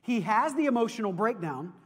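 A man preaching a sermon as pastor, telling stories in an animated way and often repeating words as he goes. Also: high-pitched, a little fast, husky. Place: church sanctuary. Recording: long reverb of a large hall.

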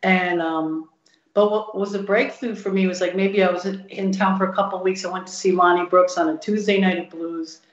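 A woman's voice: lowish voice, fairly even intonation, brisk. A woman blues guitarist telling stories in an interview, acting out the people she quotes. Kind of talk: casual storytelling interview. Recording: roomy, dull lo-fi sound.

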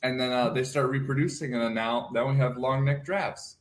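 A man's voice: medium pitch, steady tone, fairly quick. A man co-hosting a morning radio show, telling a rambling story casually and chuckling.

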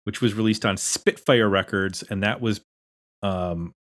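A man's voice: fairly low pitch, steady tone, measured pace, a bit bright. Upbeat man reading listener comments aloud. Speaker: podcast co-host.

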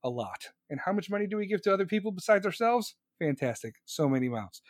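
A man's voice: high voice, sing-song, fast talker, no echo, clean studio sound. A man hosting a podcast, riffing casually on the live chat with crude jokes and swearing. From United States. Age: adult, still working. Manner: profane, joking, rambling banter.

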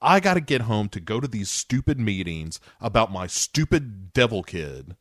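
A man's voice: on the low side, sing-song, normal speed, dry recording, studio quality. A man voicing an exasperated, overworked male agent and father, ranting bitterly and sarcastically. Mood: angry ranting.

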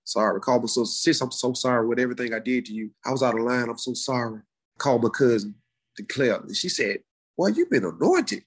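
A middle-aged man tells his story in relaxed, animated conversation. His voice is husky and a little breathy, pitched in an ordinary male range. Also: fast. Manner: animated, acts out quoted voices in high pitch. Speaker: guest sharing his testimony.

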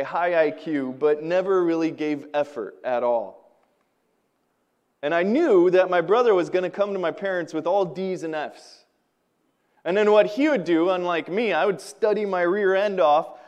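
A male pastor preaching a sermon, telling stories with animation and swinging between loud emphasis and quiet asides. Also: fairly high pitch.

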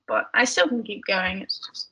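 A woman's voice: mid-range voice, lively intonation, moderate pace, vocal fry, sharp tone, husky, rough recording. A woman with an English accent, a podcast guest chatting casually and rambling with lots of fillers. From United Kingdom. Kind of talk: casual chat.

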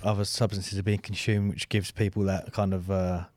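Young man, casual podcast chat, restarts a lot, lowish voice, dry sound. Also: little pitch movement, moderate pace, a little mellow, dry recording. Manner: rambling, self-interrupting. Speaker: podcast co-host.

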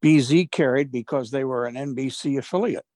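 A man's voice: mid-range voice, a little fast, darkish tone, no echo, studio quality. A man hosting a talk show, sharing his own memories with his guest. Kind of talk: conversational interview.

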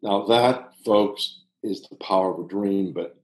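A man in his sixties from Pittsburgh, telling a long personal story in a casual, halting way with frequent restarts. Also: low-pitched. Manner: animated, halting with restarts, drops to hushed tones. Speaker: guest storyteller, former soccer coach. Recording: roomy echo.

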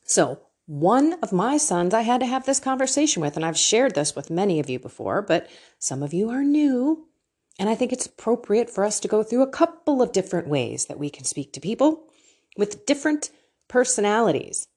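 A middle-aged woman talking to an online group about faith. She is open and emotional, pokes fun at herself, and her voice rises and falls a lot. Her tone is a little husky. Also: medium pitch, normal speed. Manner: candid and emotional, lively, self-deprecating. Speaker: faith and life coach.

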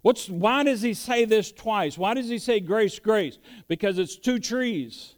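Male pastor mid-sermon, high resonant voice, preaches with questions and rising emphasis. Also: lively intonation, measured pace, hardly any pauses.

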